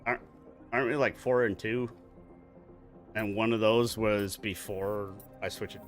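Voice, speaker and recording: A man's voice: on the low side, steady tone, measured pace, soft background music. A man in his forties chatting casually while gaming online, telling a long, profane story from work in a rambling way. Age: 40s. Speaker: gaming streamer.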